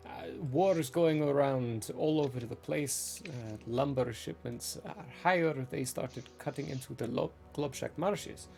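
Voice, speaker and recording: A man voicing a friendly, chatty female druid leader who stammers and rambles in an animated way. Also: fairly high pitch, creaky.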